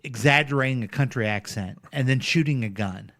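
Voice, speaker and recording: A man's voice: mid-range voice, a little fast, fairly bright tone. A man co-hosting a talk radio show, chatting casually and bluntly, often indignant and laughing. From Missouri, US. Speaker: radio co-host. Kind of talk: casual political chat.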